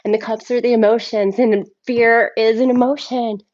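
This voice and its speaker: A woman reading tarot cards and channeled messages on a solo live stream, excitable and effusive, often thanking spirit. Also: a little high, moderate pace, highs cut off. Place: home, by herself.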